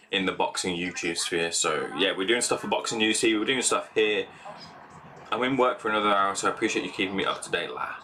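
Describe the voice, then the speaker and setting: A man's voice: deep voice, pushed and bright. A young man hosting a casual live reaction stream, talking in a rambling, chatty way with lots of fillers.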